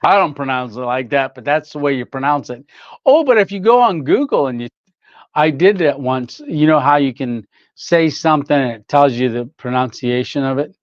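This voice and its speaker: A man's voice: medium pitch, lively intonation, normal speed, no echo, lo-fi sound. An older man hosting a casual livestream, rambling through stories, reading chat aloud and laughing often. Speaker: livestream host.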